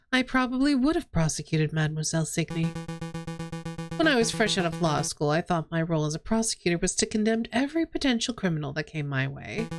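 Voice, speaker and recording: A woman voicing a calm, principled male rooster prosecutor who speaks in a measured, formal way. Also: medium pitch, close to an everyday voice.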